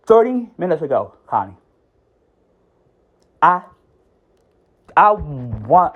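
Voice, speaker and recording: Guy going off on a recorded call, rambly, lots of "right?" and "dude", voice swings up and down, muffled line. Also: high-pitched. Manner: rambling, agitated, keeps asking "right?" and says "dude". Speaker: former schoolteacher. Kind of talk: heated recorded phone rant. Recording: dull lo-fi phone call.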